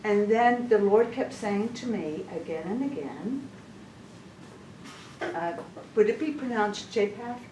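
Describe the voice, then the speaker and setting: A woman's voice: mid-range voice, expressive, slow pace, pauses often, warm tone. Woman giving a chatty church testimony. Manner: chatty, stumbling restarts, laughs often. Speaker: women's session speaker. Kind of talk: informal testimony talk. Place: church hall. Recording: echoey room, mic far off, noisy.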